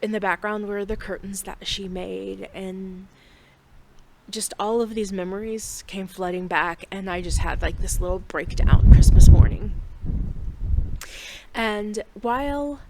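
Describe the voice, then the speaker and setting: A woman's voice: mid-range voice, a little mellow. Woman, middle-aged, knitting podcast host; rambling, candid home chat with fillers, faint background hiss. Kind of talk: casual chat.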